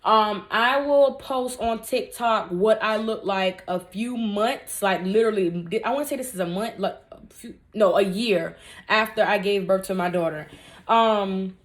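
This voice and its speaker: Speaking a little slowly in a medium-pitched voice, a twenty-something vlogger takes viewer questions in a relaxed storytime Q&A. She addresses viewers directly, candid and blunt, emphasizing her points strongly with jokey asides in between.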